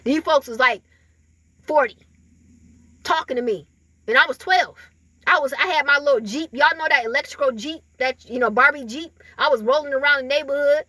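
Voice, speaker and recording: A woman with a high, bright voice gives a casual spiritual reading straight to her viewers. She rambles in a loose, chatty way, piling up fillers and breaking into laughs. The sound is dry and close, with no room echo. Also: moderate pace. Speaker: spiritual reader.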